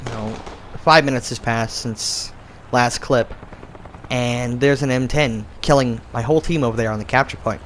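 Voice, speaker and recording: A young man giving casual gameplay commentary, telling the match as an excitable story with sudden jumps in pitch. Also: moderate pace, slight background noise. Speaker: gaming YouTuber.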